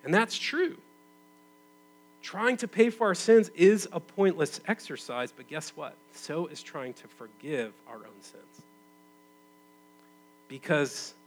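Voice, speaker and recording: A man in his thirties preaching in a relaxed, conversational way, with a voice sitting a bit high for a man. He leans hard into some phrases, then drops low and quiet to draw listeners in. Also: poor audio. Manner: conversational, swings from loud emphatic bursts to quiet intimate tones. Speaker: pastor. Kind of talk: sermon.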